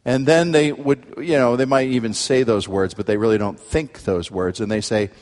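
Male pastor, mid-pitched, earnest sermon delivery with emphatic climbs; long hall reverb. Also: fairly even intonation, normal speed. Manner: earnest, rises sharply in pitch and force for emphasis.

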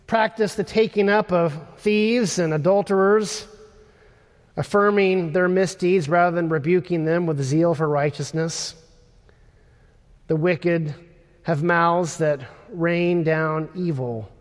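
Slow, high-voiced preacher in a hall. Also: male voice. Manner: slow, measured delivery with emphatic pauses. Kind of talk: sermon.

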